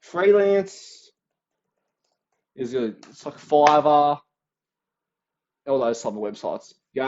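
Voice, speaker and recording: A man's voice: fairly high pitch, big pitch swings, slow pace, long pauses, a little mellow, lo-fi sound. A young Australian man in his late teens giving a casual, slangy exam revision rundown, acting out little quoted voices as he goes.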